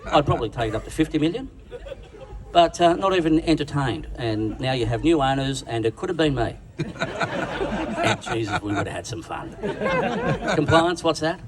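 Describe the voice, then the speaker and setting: A man's voice: fairly high pitch, lively intonation, moderate pace, pauses often. An Australian man giving a bawdy, crude, self-mocking roast speech on stage at a dinner, with the crowd laughing along. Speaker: roast speaker. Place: large function room at a dinner event. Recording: distant sound with a loud crowd.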